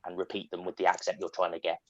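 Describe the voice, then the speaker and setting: Speaking fast in a deep, completely flat voice, a man from England with a standard southern accent handles a casual online Q&A, full of fillers and restarts. The lo-fi call audio sounds dull and has no echo.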